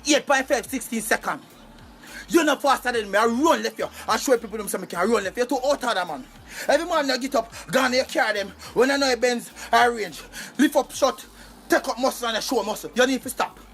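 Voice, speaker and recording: A man's voice: very high-pitched, fairly quick, fairly bright tone. A man with a Jamaican accent in a comedic rant, scolding and playful, sometimes chanting.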